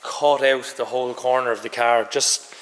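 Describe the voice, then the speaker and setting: Man, hoarse, bright forceful voice, loose workshop vlog chatter, long garage reverb. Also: mid-range voice, fairly even intonation, moderate pace, a little hiss or hum. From Ireland. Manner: chatty, loose and matter-of-fact, with mild swearing. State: hoarse, says he lost his voice. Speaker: car restoration vlogger. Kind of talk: casual workshop vlog narration. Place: large garage workshop, indoors.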